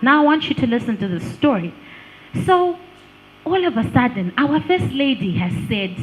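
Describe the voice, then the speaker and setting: A woman giving a lively workshop talk on branding, asking the audience questions and laughing often. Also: sits high, moderate pace, rough recording. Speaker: speaker on digital branding.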